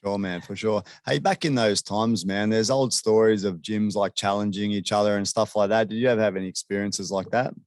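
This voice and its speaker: Chill guy asking interview questions, lowish voice, dry close sound, keeps saying man. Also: fairly even intonation, brisk, hardly any pauses, no echo. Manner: casual, calls the guest "man".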